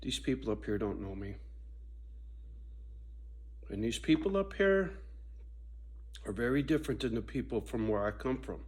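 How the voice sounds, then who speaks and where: A man in a profane casual monologue, swinging from a loud, preachy rant to low muttering. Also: lively intonation, moderate pace, long pauses, husky. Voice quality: swears constantly, preachy and intense. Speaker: vlogger.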